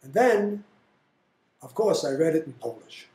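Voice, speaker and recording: A man voicing his proud older immigrant father, who answers a boast slowly and with quiet, deflating wit. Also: on the high side, sing-song, echoey room, pitched above the performer's own voice. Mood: wry.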